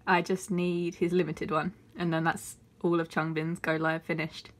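A woman vlogger opening her mail in a casual unboxing video, excitable and gushing, often gasping and squealing. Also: deep voice, moderate pace.

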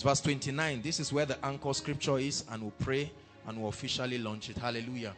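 A man preaching a sermon, breaking in with hallelujah and rising to loud, emphatic scripture reading. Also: mid-range voice, fairly even intonation, fairly quick. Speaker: pastor. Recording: faint music behind.

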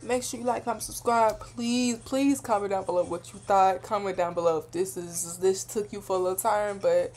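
A woman's voice: mid-range voice, fairly even intonation, normal speed, hardly any pauses, darkish tone. A young woman hosting a reaction video, talking in a chatty, heartfelt, slang-filled way that rambles as she thinks aloud. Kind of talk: casual reaction commentary.

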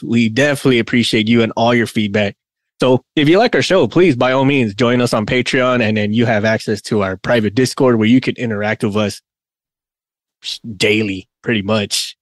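A man's voice: mid-range voice, no echo, studio quality. A man co-hosting a casual podcast, rambling and laughing often as he talks. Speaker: podcast co-host.

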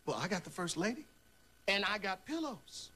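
A brash male Secret Service agent, boastful and full of bluster. His voice sits high and swings widely in pitch. The sitcom soundtrack carries noticeable noise. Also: big pitch swings, sharp tone, exaggerated voice. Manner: boastful, fast bursts of bluster.

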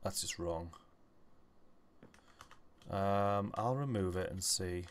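Low-voiced man muttering over gameplay. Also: slow pace, slight background noise. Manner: muttering to himself, rambling, chuckling. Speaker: gaming channel host. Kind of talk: casual gameplay commentary.

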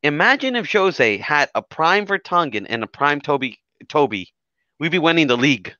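A man talking as a fan co-host, animated and swearing, always asking whether you follow him. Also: fairly high pitch, normal speed, no echo. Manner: animated, swearing, keeps asking 'you know what I mean'. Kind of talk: casual football rant. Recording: dry lo-fi audio.

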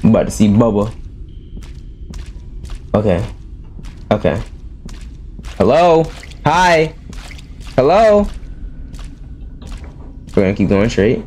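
Jumpy man reacting loudly to a horror game. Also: lowish voice, big pitch swings, slow pace, pauses often, a little hiss or hum. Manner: jumpy, exclaiming, chatty slang. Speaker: gaming YouTuber. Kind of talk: horror gameplay commentary.

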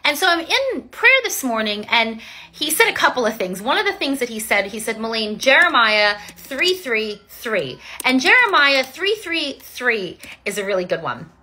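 High, lively young woman teaching faith. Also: moderate pace. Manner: emphatic and repetitive, declaring phrases again and again. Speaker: Christian teacher. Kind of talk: informal devotional teaching.

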